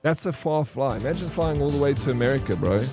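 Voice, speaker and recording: A young man, chatting casually and excitably with his stream viewers, rambling between topics. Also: medium pitch, fast talker, music in the background. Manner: rambling, excitable, says bro a lot. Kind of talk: casual chat with live chat.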